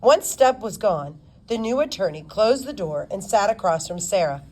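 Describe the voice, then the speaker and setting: A woman narrating a novel as an audiobook, with expressive storytelling. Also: medium pitch, moderate pace. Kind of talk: scripted narration.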